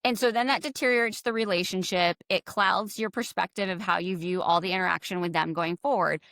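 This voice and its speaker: A woman's voice: fairly low pitch, a little fast, no echo, clean studio sound. A middle-aged American woman, a leadership coach, talking as a guest in a podcast interview and acting out quoted dialogue as she tells stories. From United States. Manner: animated storyteller, acts out quoted dialogue.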